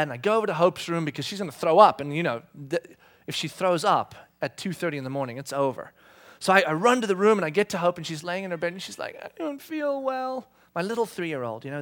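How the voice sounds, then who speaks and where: A man's voice: a little high, fairly bright tone. A man in his thirties, a pastor, telling a chatty, self-deprecating family story in a sermon. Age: 30s.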